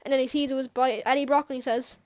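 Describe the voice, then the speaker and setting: A woman movie reviewer, her high voice steady in tone and a little mellow, recaps a film at a quick pace. She rambles casually, laughs frequently, and restarts her sentences many times.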